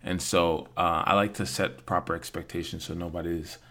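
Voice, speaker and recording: A man's voice: low voice, fairly even intonation, normal speed, a bit bright. A young man, a guest on a podcast, talking in an easygoing way with frequent stammered restarts. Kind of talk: casual podcast chat.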